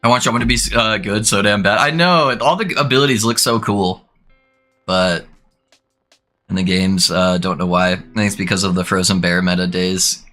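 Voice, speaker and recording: Young male streamer, lowish bright voice, casual chat with bursts of excitement, faint music underneath. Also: moderate pace. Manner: excited whoops and laughs between relaxed chatter.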